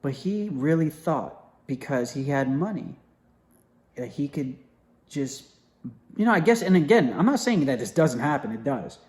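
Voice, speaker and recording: A young man tells a personal story in a loose, casual way, with a voice that sits a bit high for a man. He keeps stopping to restart his sentences and drops into quick impressions of the people he talks about. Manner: animated, acts out quoted voices, many fillers and restarts.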